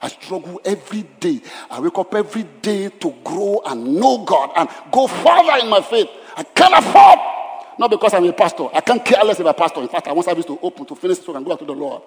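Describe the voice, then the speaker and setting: A man's voice: high-pitched, lively intonation, quick pace, hardly any pauses, a little mellow. A male pastor preaching a dramatic sermon at a church service, repeating lines for emphasis and acting out scenes. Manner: dramatic, acts out Bible scenes in voices; emphatic repetition. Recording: long hall reverb.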